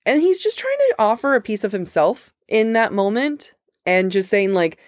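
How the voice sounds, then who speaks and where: A woman co-hosting a book podcast in casual chat, talking with quick asides and frequent laughter. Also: mid-range voice, big pitch swings, dry recording, studio quality.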